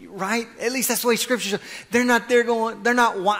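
A man preaching a sermon as pastor, swinging from quiet asides to loud, fervent exhortation. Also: extremely high pitch, steady tone, a little fast, hardly any pauses, big-room sound.

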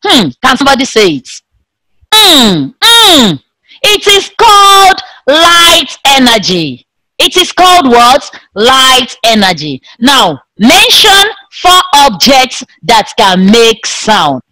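A woman teaching an online science class to young pupils in a slow, sing-song way, imitating the sounds of animals and objects. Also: sits high, very animated, sharp tone, no room sound, low-quality recording. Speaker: primary school teacher.

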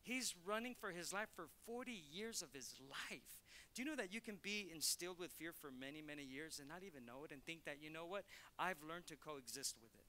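A man's voice: on the high side, animated, a little fast, bright, forceful tone, a little hiss or hum. A male pastor preaching a conversational sermon in church, telling stories and acting out quotes. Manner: conversational, storytelling with acted quotes.

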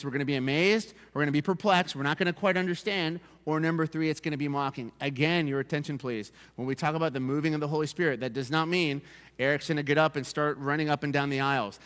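This pastor's voice is on the high side and a bit bright, echoing with big-room sound in the church sanctuary. He preaches with emphasis, returning again and again to key phrases for the congregation.

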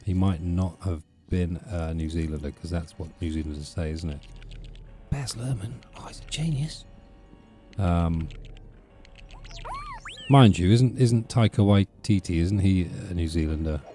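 Low mellow guy rambling through a let's play, lots of ums, music faint behind. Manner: rambling, chatty, self-interrupting with fillers. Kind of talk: casual gameplay commentary.

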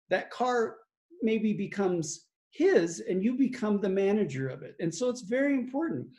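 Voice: medium pitch, warm tone. A pastor giving conversational Bible teaching and reading scripture aloud, with fillers and chuckles.

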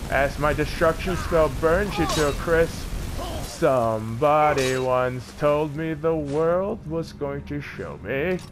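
A man's voice: a little high, takes it slowly. Brash, crude gamer man. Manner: crude trash talk and mock-heroic narration; bursts into yelling taunts. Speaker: gameplay streamer. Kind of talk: let's play commentary.

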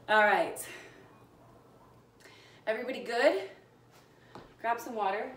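Pauses come often as this young woman, her voice a little high with lively intonation and a measured pace, leads a live workout from a room at home. She counts down reps and greets viewers by name, out of breath from exercising along; her phone is far away in an echoey space with slight background noise.

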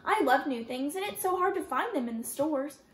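A woman voicing a lively, imaginative young girl who speaks in a playful, reassuring way. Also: high-pitched, moderate pace. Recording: roomy echo.

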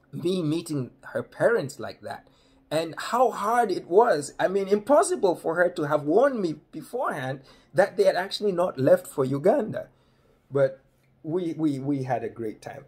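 A man with a Kenyan accent telling a funny personal story in a playful, animated way. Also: a little high, slightly rough.

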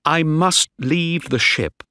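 A man's voice: on the high side, slow, pushed and bright, smooth, no room sound, studio quality, voice pushed up. A man voicing a young male ship officer, desperate and defiant, who speaks firmly.

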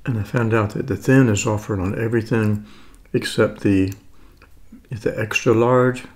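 Speaking at a moderate pace in a lowish voice with fairly even intonation, this seventy-something American food vlogger tastes dishes on camera. He chats casually and rambles, correcting himself as he goes.

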